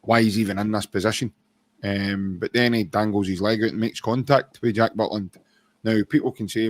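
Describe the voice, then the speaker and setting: A man co-hosting a football podcast, talking in a casual, measured chat with many pauses and "um"s. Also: on the low side, steady tone. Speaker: podcast co-host.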